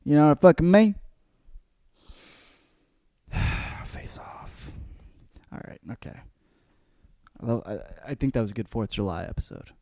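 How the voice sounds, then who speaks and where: A young man rants ironically and swears through his own comedy podcast. His voice is gravelly and very lively, and he swings between loud outbursts and low mutters. The sound is close and dry, with no room to it. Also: unhurried, long pauses, dry recording. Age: young adult. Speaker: podcast host. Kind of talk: comedic rant.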